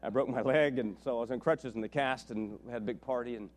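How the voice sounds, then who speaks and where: Middle-aged guy preaching, story after story, gets loud and worked up at the big moments. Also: mid-range voice, fast. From West Virginia. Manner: storytelling, rising to animated shouting. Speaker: pastor. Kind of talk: sermon.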